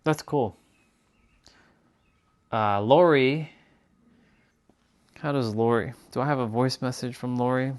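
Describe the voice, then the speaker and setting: A man's voice: medium pitch, fairly even intonation, slow, pauses often. A man chatting casually to viewers on his live stream, rambling and repeating himself as he talks. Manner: rambling, repeats phrases and restarts. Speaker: livestreamer.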